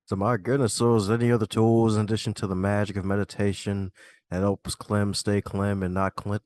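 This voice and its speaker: A male podcast host with a somewhat low voice, chatting casually and cracking playful jokes. His delivery is relaxed and conversational. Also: brisk. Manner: jokey, playful. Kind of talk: casual interview chat.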